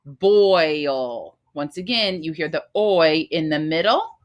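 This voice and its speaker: A woman teaching first graders a phonics lesson, her voice a little lower than most women's. She talks slowly and patiently, in the sing-song manner of a classroom teacher. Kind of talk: phonics lesson for young children.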